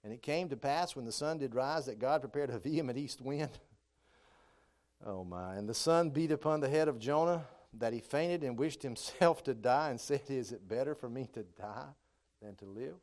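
A man preaching a sermon, moving between calm scripture reading and loud, high, impassioned stretches. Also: normal speed.

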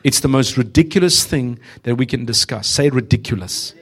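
Speaking at a normal speed, a visiting preacher exhorts a church congregation in a humorous, prophetic sermon and talks straight to them. His mid-range voice has a fairly bright tone, and he laughs a lot.

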